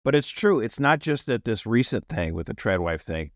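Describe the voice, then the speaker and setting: A man co-hosting a casual panel podcast, animated and quick to laugh, acting out quotes as he talks. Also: medium pitch, dry recording, studio quality. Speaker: podcast co-host.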